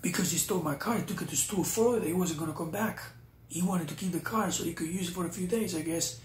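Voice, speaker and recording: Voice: mid-range voice, fast, a little hiss or hum. Roomy-sounding preacher giving testimony. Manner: keeps addressing viewers as "you guys". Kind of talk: personal testimony to viewers. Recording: roomy echo.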